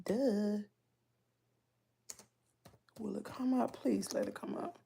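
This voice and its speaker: A woman's voice: mid-range voice, takes it slowly, gravelly, dark tone, slight background noise. A woman vlogger with a Southern US accent, chatting casually to her viewers with lots of exclamations and asides.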